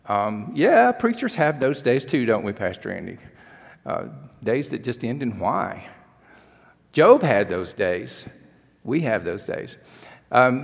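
A male pastor, preaching a sermon in a relaxed, conversational storytelling way, with fillers. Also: on the low side. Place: church sanctuary. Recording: reverberant church hall.

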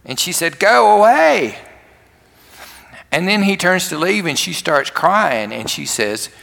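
A man's voice: on the high side, expressive, moderate pace, vocal fry, pushed and bright. Man, sermon, storytelling, long hall reverb. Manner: storytelling, acts out quoted lines. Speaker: pastor.

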